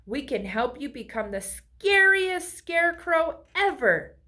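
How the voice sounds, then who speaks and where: A woman's voice: high voice, very animated, takes it slowly, pushed and bright, voice pushed up, full character voice. A woman voicing a clever, helpful female autumn leaf in a storybook, reassuring in tone.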